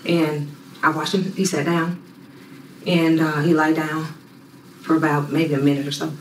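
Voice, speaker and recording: A woman's voice: deep voice, little pitch movement, unhurried. A woman gives a plain, step-by-step account in a recorded interview. The room is echoey and the mic sits far from her, with faint noise. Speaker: jail unit secretary being interviewed.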